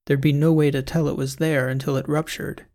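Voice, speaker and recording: Male reader as a steady, coaxing doctor in a sci-fi audiobook, gravelly tone. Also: a little high, a little fast, lightly acted. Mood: patient. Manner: patient, coaxing. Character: calm male hospital doctor, patient. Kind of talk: audiobook character voice.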